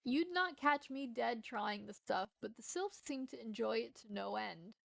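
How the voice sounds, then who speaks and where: A woman's voice: a little high, expressive, moderate pace, gravelly, no echo. A woman with a lisp reading aloud the lines of a formal game quest giver, stumbling now and then. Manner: read aloud with stumbles and restarts.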